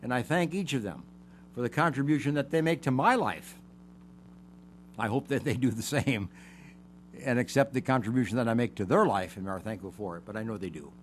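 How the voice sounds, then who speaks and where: Emphatic older man with a lively voice. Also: mid-range voice, brisk, slight background noise. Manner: emphatic, repeats key words, numbered points. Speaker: psychology show host. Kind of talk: lecture-style teaching.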